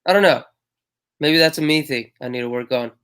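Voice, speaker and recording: A man's voice: mid-range voice, brisk, a bit bright, smooth. A man co-hosting a casual podcast over a call, hesitant and self-deprecating, often trailing off mid-thought. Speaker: podcast co-host. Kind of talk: casual live podcast chat. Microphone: plug-in mic on a video call.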